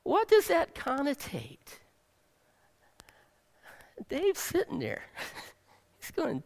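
A male pastor delivering a sermon, swinging dramatically between loud emphasis and soft near-whispers. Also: very high-pitched, wildly swooping pitch, slow pace, vocal fry, long reverb tail.

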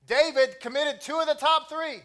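A middle-aged man giving a sermon on scripture, mixing in personal stories and growing loud and animated as he tells them. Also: extremely high pitch, moderate pace. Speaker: teacher of scripture.

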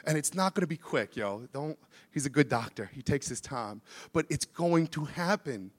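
A young adult man preaching a sermon as pastor, casual and animated, dropping slang asides between earnest points. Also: fairly high pitch, normal speed.

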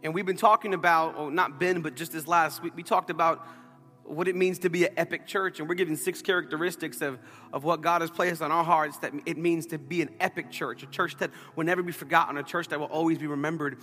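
A bright, high-pitched man preaches to his church, telling a story with playful asides. His voice rings out in a long-reverb sanctuary with faint music underneath. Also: steady tone, quick pace. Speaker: pastor. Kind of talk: sermon.

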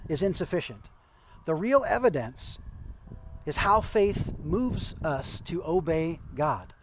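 A man's voice: sits high, slight background noise, poor audio. A man preaching a sermon as a pastor, explaining scripture in a conversational way with occasional light humor.

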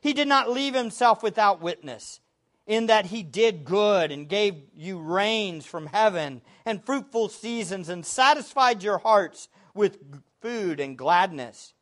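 A man preaching a sermon, with expressive delivery, sometimes shouting the quoted words. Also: high voice, measured pace. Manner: expressive preaching, shouting acted quotes, laughing between points.

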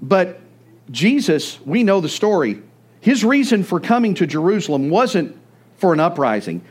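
A man preaching a sermon, telling the story with animated storytelling. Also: high voice. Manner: animated storytelling, acts out voices. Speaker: pastor.

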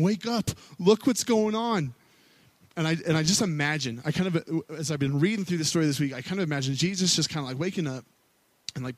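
Male worship pastor, higher register, relaxed conversational sermon delivery, dry close sound. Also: no room sound. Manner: casual and storytelling, with many fillers, acting out quotes.

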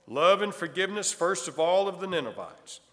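Man preaching in a church, high voice, lots of rhetorical questions, big echoey sanctuary. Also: very animated, normal speed, a bit bright. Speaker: pastor. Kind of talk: sermon.

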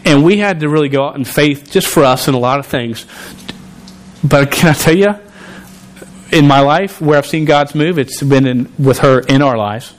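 A man's voice: a little high, moderate pace. A man preaching a sermon in a conversational way, often restarting and repeating words. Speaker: pastor.

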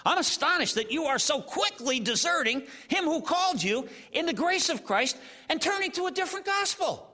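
Indignant apostle declaiming urgently , a preacher puts him on, high and lively, long hall reverb. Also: male voice, normal speed, exaggerated voice. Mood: exasperated. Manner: emphatic, raised, exasperated declaiming. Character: urgent indignant male apostle writing a letter.

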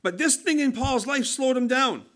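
A man's voice: very high-pitched, lively intonation, normal speed, a bit bright. A man preaching a conversational sermon, earnest and emphatic, often restarting his sentences.

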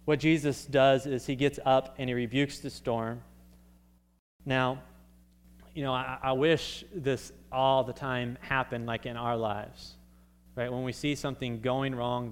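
A young man preaching a sermon in a relaxed, conversational way, with frequent fillers and restarts. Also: mid-range voice, unhurried, smooth. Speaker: pastor. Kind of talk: casual sermon.

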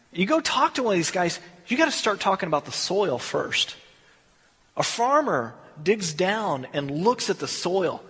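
A man teaches scripture in a relaxed, conversational manner, slipping into little acted exchanges as he tells the story. His voice sits high and slightly husky. The sound carries a long, echoing room reverb. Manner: casual, storytelling with acted dialogue. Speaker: Bible teacher. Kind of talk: verse-by-verse Bible study. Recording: echoey hall.

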